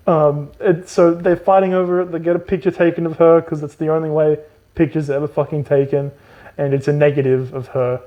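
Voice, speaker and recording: A man's voice: on the high side, flat delivery, fairly quick, mellow, muffled recording. A man co-hosting a podcast, giving a sarcastic, profane recap of a book and laughing often at the plot. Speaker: podcast co-host. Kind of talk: comedic book recap chat.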